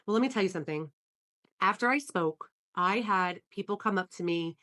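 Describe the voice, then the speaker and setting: A woman's voice: mid-range voice, moderate pace, fairly bright tone. A woman hosting a solo podcast, telling her story in an earnest, enthusiastic way with frequent fillers like "um" and "you know.". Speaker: podcast host.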